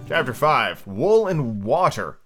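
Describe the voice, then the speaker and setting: A man's voice: medium pitch, big pitch swings, takes it slowly, over music. A drunk, tired man hosting a solo podcast, rambling and swearing casually between book readings. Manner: rambling, profane, full of fillers. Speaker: podcast host.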